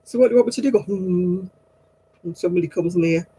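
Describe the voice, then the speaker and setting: A woman's voice: fairly low pitch, very fast, mellow, slightly rough, rough recording. A woman hosting a livestream craft night, who chats casually, tells stories and laughs at herself often. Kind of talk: casual chat.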